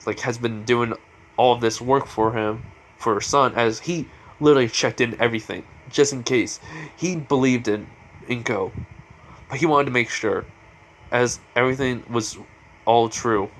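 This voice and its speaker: A man's voice: mid-range voice, moderate pace. A man casually retelling a fan story, rambling with lots of fillers and restarts.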